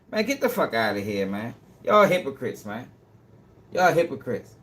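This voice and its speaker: A young man hosts his own live stream in a mid-range, slightly bright voice, swinging widely in pitch at a moderate pace. He rants in a heated, casual way, cursing, repeating himself and laughing between points.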